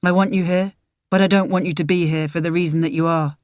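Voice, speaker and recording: A woman's voice: on the low side, fairly even intonation, fast talker, darkish tone, no echo, clean studio sound, natural voice. A woman doing a firm, guarded young man. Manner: firm, clipped.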